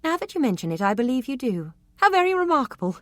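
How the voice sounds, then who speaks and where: A woman's voice: high-pitched, big pitch swings, quick pace, dry recording, clean studio sound, voice pushed up. A woman voicing a poised, cool young lady of rank in an audiobook, speaking in an arch and precise way. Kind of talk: audiobook character reading.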